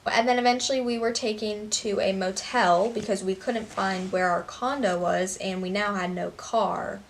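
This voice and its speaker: A woman's voice: medium pitch, fairly even intonation, moderate pace, recorded from a distance, a little hiss or hum. Rambling sarcastic young woman vlogger, off-mic. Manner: rambling, sarcastic, heavy "like" and "basically". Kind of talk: storytime vlog.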